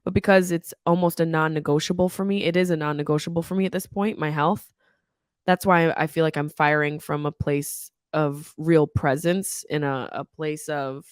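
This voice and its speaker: A woman's voice: sits low, normal speed, clear, resonant tone, no room sound, clean studio sound. A woman in her thirties hosting a podcast, talking candidly with plenty of swearing and comic asides. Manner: candid, profane, animated. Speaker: podcast host. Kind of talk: casual comedic podcast monologue. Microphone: studio microphone.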